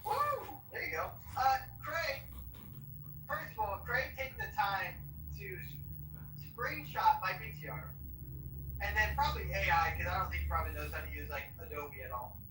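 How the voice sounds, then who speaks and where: A man in casual live audio-room banter, loud, joking and taunting. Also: sits high, lively intonation, normal speed. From Nebraska. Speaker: room participant. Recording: roomy, distant, faint hiss.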